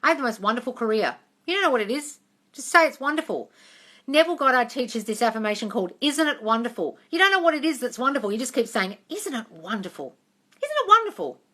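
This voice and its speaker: A woman's voice: on the high side, expressive, fast, pushed and bright. A woman answering viewers' questions on a casual livestream, frank and emphatic, swearing freely and calling everyone darling. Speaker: manifestation coach answering live questions.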